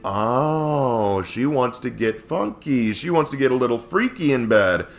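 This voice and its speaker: A man voicing an eager, gullible strongman blinded by lust, in a low drawl, with faint music behind. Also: expressive, a little slow, gravelly.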